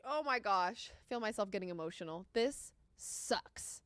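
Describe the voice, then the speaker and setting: A woman's voice: medium pitch, expressive, unhurried, fairly bright tone, no room sound. A young adult woman hosting a live sports reaction stream, emotional and pleading as a bet goes wrong. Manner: emotional, groaning and pleading over a losing bet. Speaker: sports betting show host. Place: sports studio. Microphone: studio microphone.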